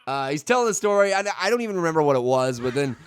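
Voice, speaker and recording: A man's voice: a little high, very animated, rapid-fire, faint music behind. A man telling a story in casual let's-play commentary, rambling with many fillers. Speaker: video game commentator.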